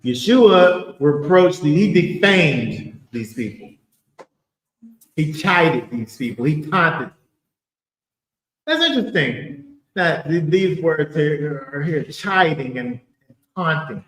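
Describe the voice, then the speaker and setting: A man teaching a Bible study in an emphatic, animated way, full of rhetorical questions. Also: a little high, takes it slowly, long pauses, echoey room, rough recording.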